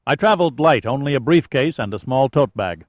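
A man reading as an enthusiastic male archaeologist around forty, with a quick, blurting manner, in a dry, slightly muffled audiobook recording. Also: medium pitch, animated, no echo, natural voice. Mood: eager.

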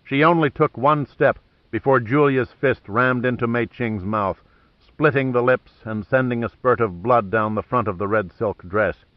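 A man narrating a thriller audiobook in a measured, dramatic storytelling manner. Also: mid-range voice, no echo, dull audio.

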